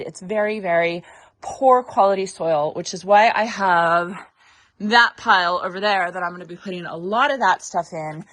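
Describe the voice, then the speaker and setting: Woman gardening vlogger, winded from digging, chatty with fillers, outdoor garden, mid-pitched voice. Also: no echo. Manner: chatty, thinks aloud with fillers. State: out of breath from digging. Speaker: gardening channel host. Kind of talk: casual gardening vlog.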